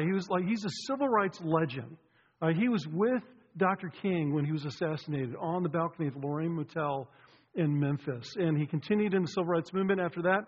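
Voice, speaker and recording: A man, a pastor, opening his sermon in a chatty, joking way with animated storytelling. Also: high-pitched. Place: church sanctuary. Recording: dull sound, long hall reverb.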